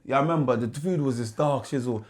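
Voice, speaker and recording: A man with a London accent telling stories from his past in a casual interview, using street slang and acting out other people's voices. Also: fast talker. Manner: animated, mimics voices in his anecdotes with big pitch jumps. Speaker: guest musician. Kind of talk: casual storytelling.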